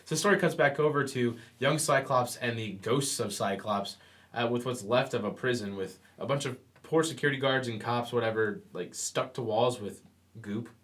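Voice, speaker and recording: A man's voice: medium pitch, normal speed, a bit bright. A man co-hosting a comic book podcast, retelling scenes and reading out quoted lines in casual chat. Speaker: podcast co-host.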